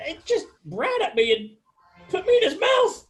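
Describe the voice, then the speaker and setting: A woman's voice: extremely high pitch, sing-song, moderate pace. A woman playing her character in a tabletop game, with indignant exclamations. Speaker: player. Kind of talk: in-character role-play.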